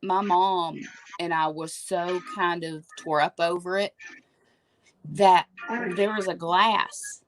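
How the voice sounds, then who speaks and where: A woman's voice: on the low side, fairly even intonation, slow pace, rough recording. A woman co-hosting a casual live stream, chatty, telling stories to viewers. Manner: chatty, storytelling. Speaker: co-host.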